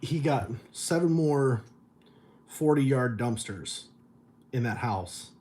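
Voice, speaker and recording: A middle-aged man on a livestream tells stories and reads out viewer messages, loose and profane and chuckling often. His medium-pitched voice is a little mellow, with lively intonation and a slow pace.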